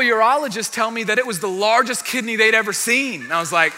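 A young man preaching a sermon, telling a personal story in an animated, self-deprecating way with asides to the congregation. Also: high voice, fast talker, few pauses. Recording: long hall reverb.

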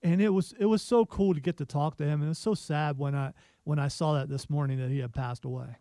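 A man co-hosting a casual podcast chat, telling stories in a relaxed, enthusiastic way. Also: on the high side, a little fast, no echo.

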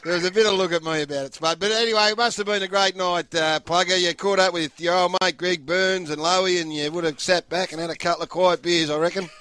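A man's voice: sits high, fairly even intonation, quick pace, few pauses, sharp tone, clear, resonant tone. An Australian man co-hosting a radio show, teasing his colleagues in a mock-serious way. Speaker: radio co-host. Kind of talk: casual radio banter.

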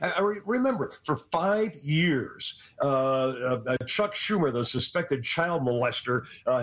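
A man's voice: on the high side, fairly bright tone, highs cut off. A man ranting on a talk radio show, agitated and scattered, stammering and laughing as he goes. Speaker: regular radio commentator. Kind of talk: animated political talk radio rant.

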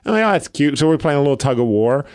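A man's voice: on the high side, racing, clear, resonant tone, no room sound, studio quality. A man in his thirties, co-hosting a podcast, chatting casually and telling stories with frequent laughter. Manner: animated storyteller, laughs often. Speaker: podcast co-host. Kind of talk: casual chat.

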